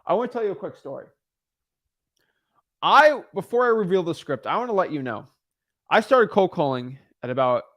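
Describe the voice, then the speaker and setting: Young dude hyping a cold calling lesson, bouncy pitch, rambles and backtracks a lot. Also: male voice, fairly bright tone. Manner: hyped-up, rambling, corrects himself often. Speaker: real estate wholesaling coach. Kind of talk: livestream teaching talk.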